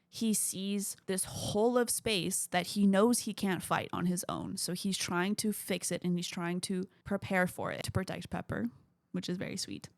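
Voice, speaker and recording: A woman's voice: medium pitch, no room sound. A young adult woman hosting a podcast, chatting frankly and casually about a film, swearing freely. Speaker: podcast host.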